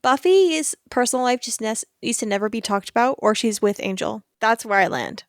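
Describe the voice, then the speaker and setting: A woman's voice: fairly high pitch, lively intonation, normal speed, no room sound, studio quality. A woman co-hosting a podcast in casual chat, insistent and repeating her points. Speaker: podcast co-host.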